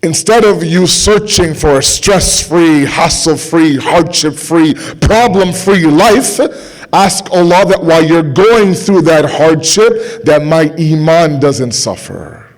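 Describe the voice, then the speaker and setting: A young man giving a sermon to a gathering, impassioned, repeating phrases for emphasis and dropping to quiet intensity. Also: fairly high pitch, expressive, slow pace. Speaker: speaker at a religious gathering.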